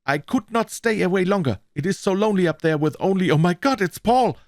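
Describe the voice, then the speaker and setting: A man's voice: high-pitched, expressive, brisk, dry recording, studio quality, voice pushed up. A man with a German accent voicing a distraught young Greek woman who speaks anxiously in broken English.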